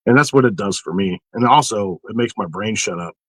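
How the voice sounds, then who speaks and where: Profane, animated man chatting. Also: on the low side, fairly quick, breathy edge, dry recording, rough recording. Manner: profane, animated storytelling with mocking inner voices. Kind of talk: casual podcast chat.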